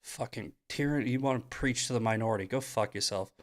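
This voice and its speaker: A man hosting a political monologue on a live stream, mocking his critics, swearing and shouting at points. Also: medium pitch, fast talker. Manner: angry, profane, shouting bursts. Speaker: host.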